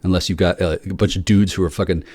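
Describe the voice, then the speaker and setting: A man's voice: low voice, fairly even intonation, fast talker, darkish tone, slightly rough, no echo. A man delivering an angry, profane solo rant, stammering through restarts as he jabs at his listeners.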